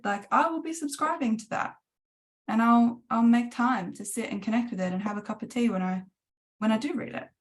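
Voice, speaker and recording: A woman in her thirties coaching writers on a live webinar, chatty and animated, laughing often. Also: fairly high pitch. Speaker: writing coach.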